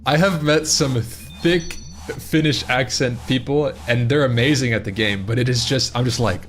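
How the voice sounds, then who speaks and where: A man's voice: mid-range voice, normal speed, slight background noise. A man streaming live, chatting casually and rambling with his viewers, often repeating and restarting his words.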